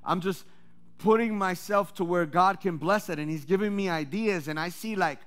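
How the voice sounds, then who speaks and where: Male pastor, high voice, lively sermon delivery with loud peaks and low asides. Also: normal speed, clean tone. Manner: energetic preaching that swings between loud calls and low asides.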